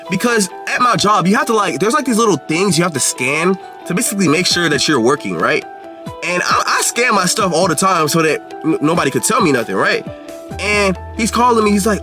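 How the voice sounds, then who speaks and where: A young man telling a personal story in a casual storytime monologue, slangy and profane, often breaking into loud exasperated rants. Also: fairly high pitch.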